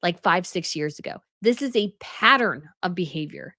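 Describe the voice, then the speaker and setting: A woman's voice: lowish voice, lively intonation, normal speed, pushed and bright, dry recording. A woman giving casual news commentary as a channel host, chatty and full of fillers.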